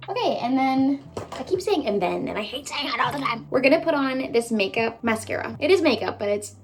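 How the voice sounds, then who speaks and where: Doing her makeup on camera, this bubbly Canadian woman in her twenties rambles through a casual get-ready-with-me chat, full of asides. She talks a little fast in a high, animated voice.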